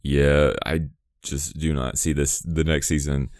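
A man co-hosting a casual chat, animated and acting out quotes in exaggerated voices. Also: a bass voice, unhurried, no echo, studio quality. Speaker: podcast co-host.

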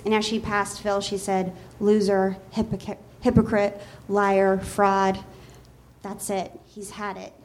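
A woman comedian on a small theater stage, reading her comic story aloud and often laughing at her own lines. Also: mid-range voice.

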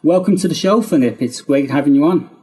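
Dark, husky-voiced male host. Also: fairly high pitch, lively intonation, brisk, rough recording. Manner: hesitant, many fillers and restarts. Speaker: podcast host. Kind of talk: casual interview.

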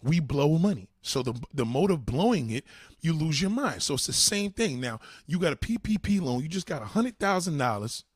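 A man's voice: fairly high pitch, sing-song, moderate pace, breathy edge, no echo, studio quality. A man delivering a heated, profane monologue, blunt and repetitive, swearing a lot.

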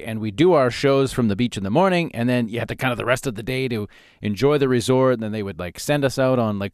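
A middle-aged man from Canada, a podcast host and former radio host, telling stories and ranting in a casual, animated way with frequent laughter. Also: medium pitch, dry recording, studio quality. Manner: animated, laughs often, rants. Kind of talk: casual storytelling monologue.

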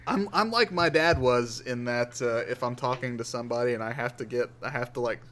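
A man's voice: medium pitch, a little fast, fairly bright tone. A man co-hosting a casual podcast, telling easygoing personal stories and swearing freely. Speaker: podcast co-host. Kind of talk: casual chat.

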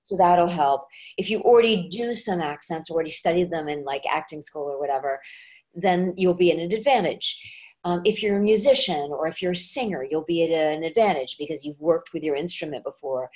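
A woman with a fairly low voice chats as a guest in a relaxed interview. She is an actress and dialect coach who tells her stories with animated swings in pitch. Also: a little fast. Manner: animated storyteller with lively pitch jumps. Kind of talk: casual interview chat.

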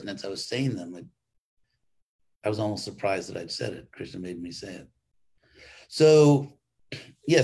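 A man's voice: lowish voice, a little mellow, breathy edge. An older man, a monk, giving an informal weekly class in a rambling, conversational way with frequent restarts.

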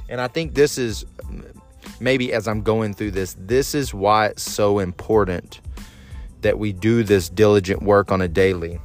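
A man's voice: on the low side, a little slow, soft background music. A man in his thirties hosting a solo podcast, talking candidly and critically about himself, and now and then acting out his own angry outbursts. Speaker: podcast host.

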